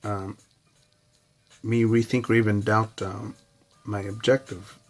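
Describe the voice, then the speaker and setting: An adult man vlogging in a rambling, profane, reflective monologue full of pauses and fillers. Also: fairly low pitch, flat delivery, faint music behind.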